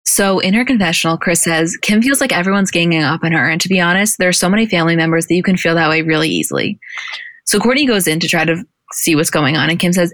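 A woman co-hosting a podcast, recapping episodes in animated, casual storytelling with the odd swear. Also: lowish voice, fast talker, dry recording, clean studio sound. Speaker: podcast co-host.

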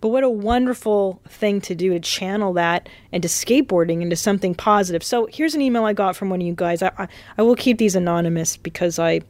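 A woman hosts her own podcast, talking off the cuff and rambling from one thought to the next. Her voice sits at an ordinary middle pitch, and the sound is dry and close, with hardly any room around it. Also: darkish tone, no echo. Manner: rambling, chatty, swearing, fillers and restarts. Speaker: podcast host. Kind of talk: casual solo podcast monologue. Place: hotel room.

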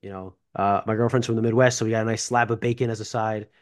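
A man's voice: lowish voice, flat delivery. A man co-hosting a casual sports podcast as a beat reporter, joking at his own expense with plenty of fillers. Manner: quick, self-deprecating, with fillers.

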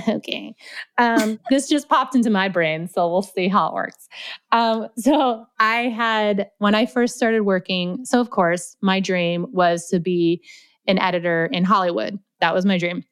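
A young adult woman as a podcast guest, chatting and telling stories in a lively way, with lots of "like" fillers. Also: mid-range voice, unhurried, clean tone, no echo. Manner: chatty, animated, heavy use of "like". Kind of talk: casual storytelling interview.

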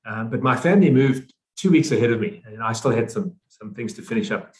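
A man's voice: mid-range voice, animated, brisk, a little mellow. Earnest South African man, repeating phrases. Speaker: guest. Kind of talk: interview conversation.

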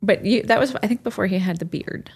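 A woman's voice: mid-range voice, quick pace, vocal fry, darkish tone, husky. A woman co-hosting a podcast in casual chat, reacting with gasps and laughter. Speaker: podcast co-host.

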